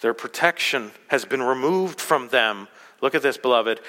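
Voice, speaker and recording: A male pastor preaching a sermon in a church sanctuary, swinging dramatically from loud exclamations to hushed asides. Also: medium pitch, moderate pace. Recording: long hall reverb.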